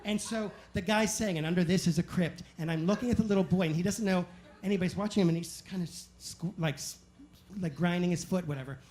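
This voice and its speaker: High-voiced man doing stand-up. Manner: animated, self-mocking anecdotes with quick asides. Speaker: stand-up comedian. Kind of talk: stand-up storytelling. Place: live comedy club stage.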